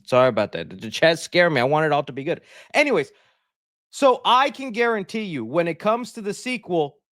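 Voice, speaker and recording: A man hosting a livestream, talking in a rambling, joking, animated way at his desk mic. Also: a little high, a little fast, dry recording, studio quality. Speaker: livestream host. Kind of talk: casual livestream chat.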